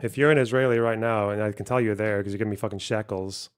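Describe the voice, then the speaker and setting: A man's voice: lowish voice, steady tone, quick pace, smooth. A man, a streamer reading donation messages aloud and answering them in casual, profane, sarcastic chat.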